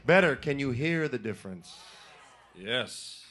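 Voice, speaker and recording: A man's voice: mid-range voice, animated, moderate pace. A middle-aged man fronting a band, chatting and joking with a live audience between songs on a stage mic. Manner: joking, chatty, breaks into sung examples. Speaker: singer and frontman. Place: live music venue stage.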